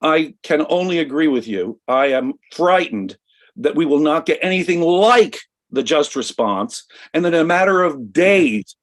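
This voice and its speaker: A man's voice: on the high side, animated, measured pace. A man from the United States co-hosting a talk show, giving impassioned political commentary and speaking with emphatic conviction. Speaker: co-host.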